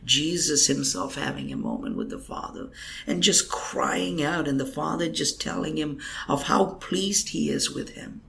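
A man's voice: fairly high pitch, very animated, unhurried, gravelly, pushed and bright, a little hiss or hum. A man, a guest minister, telling an emotional testimony in a podcast interview, earnest and at times dropping to a whisper. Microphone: computer microphone.

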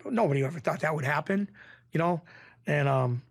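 A middle-aged man from Springfield, Massachusetts, telling stories as a podcast guest in a rambling, animated way with frequent restarts. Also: a little high, moderate pace, vocal fry, no echo, studio quality. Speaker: podcast guest, former mob bookie. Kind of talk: casual storytelling interview.

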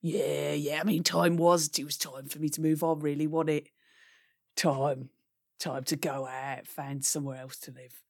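A woman's voice: deep voice, flat delivery, normal speed, gravelly, pitched below the performer's own voice. A woman voicing a streetwise male raven, a big brother with a Cockney accent, rambling and dropping "innit".

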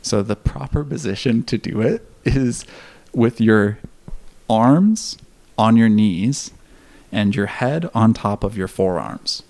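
Speaking slowly, a male podcast guest shares a personal story in a relaxed, candid manner. His voice is somewhat low, gravelly and fry-edged, and he laughs occasionally while swearing freely.

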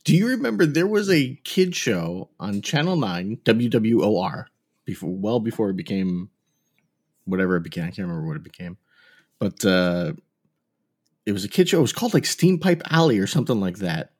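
A man's voice: fairly low pitch, very animated, brisk, husky. A man in his thirties chatting casually in a wry, rambling way. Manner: wry, rambling, laughs easily. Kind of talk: casual chat.

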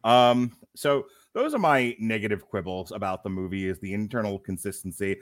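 A man's voice: fairly low pitch, moderate pace. A middle-aged man co-hosting a podcast, chatting casually and animatedly about a film, laughing often and acting out lines. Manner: animated, laughing, acts out quotes. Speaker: podcast co-host. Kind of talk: casual film review chat.

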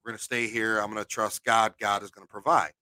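A man voicing a stubborn flood victim in an anecdote, in his own low, bright voice. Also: little pitch movement, fast talker, no echo. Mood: stubborn, upset.

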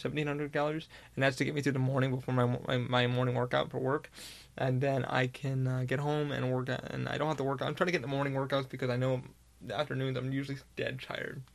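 A man's voice: medium pitch, vocal fry. A man hosting his own podcast, talking candidly and rambling in a casual monologue, swearing often and laughing now and then. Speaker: podcast host.

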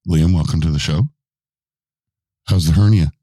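Hosting the show, a man trades casual, teasing banter and keeps pushing his co-host with questions. His extremely low voice has a dark, mellow, slightly breathy quality and a moderate pace. The recording is close and dry with no room sound, and faint music plays underneath.

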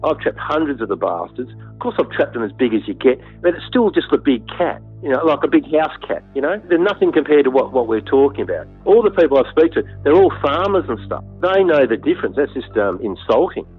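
An Australian hunter telling a story in an interview, blunt and animated, with frequent fillers. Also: male voice, mid-range voice, brisk, hardly any pauses, breathy edge. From Western Australia. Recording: tinny phone-like sound, faint music.

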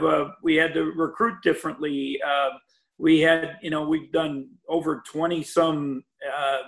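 Older coach with a gravelly voice. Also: male voice, a little high, a bit bright. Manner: rambling, many restarts and "you know" fillers. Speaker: college basketball head coach. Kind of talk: podcast interview over a call.

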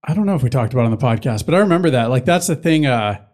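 A man's voice: medium pitch, lively intonation, very fast, darkish tone. A young man co-hosting a podcast, chatting casually, rambling and swearing now and then. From United States. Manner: rambling, loses his train of thought, swears casually. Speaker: podcast co-host. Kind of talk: casual chat.

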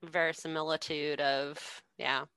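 A woman's voice: low voice, little pitch movement, unhurried, pushed and bright, clean tone, no echo. A woman co-hosting a podcast, reacting with wry, profane interjections. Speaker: podcast co-host. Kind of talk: casual chat.

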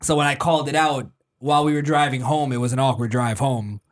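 A man's voice: medium pitch, steady tone, brisk. A man with a mid-range voice tells stories in a casual podcast chat. He is blunt and profane and chuckles along as he talks. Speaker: podcast co-host.

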